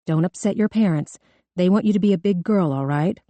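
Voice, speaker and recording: Woman reading as a firm, steady defense lawyer. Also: lowish voice, a little fast, no room sound, close to an everyday voice. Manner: calm, insistent.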